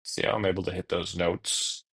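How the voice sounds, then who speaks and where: A man's voice: low-pitched, little pitch movement, moderate pace, fairly bright tone, husky. A young man streaming a card game, thinking aloud in casual, jokey commentary with the odd curse. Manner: thinks aloud, jokey, swears, mutters to himself.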